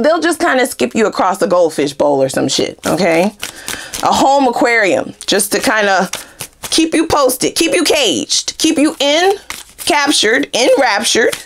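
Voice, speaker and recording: A woman tarot reader talks through a casual reading, animated and profane, often laughing. Her voice sits fairly high and leaps around expressively in pitch. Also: a little hiss or hum.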